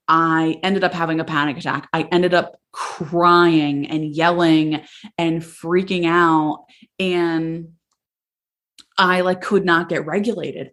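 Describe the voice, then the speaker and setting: A young woman hosting a podcast, candidly telling a personal story in a casual, emotional way, with many "like"s. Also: lowish voice. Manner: candid, emotional, says "like" often. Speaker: podcast host.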